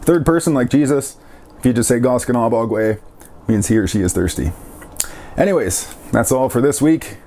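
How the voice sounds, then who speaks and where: A man hosting a casual language lesson, repeating each word slowly to show how it is pronounced. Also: medium pitch, animated, warm tone, slight background noise. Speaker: language teacher.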